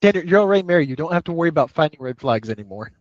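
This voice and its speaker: A man's voice: on the high side, animated, racing, dry recording. A man in a casual panel chat over a video call who hesitates and repeats how he starts. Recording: dull, muffled call audio.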